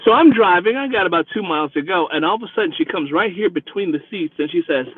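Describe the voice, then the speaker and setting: A man with a fairly high voice hosts his vlog, retelling a ride in a chatty, animated way. The sound is dry and close. It has the thin, narrow band of a phone line. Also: quick pace, breathy edge, no room sound. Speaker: rideshare driver and vlog host. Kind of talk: casual storytelling.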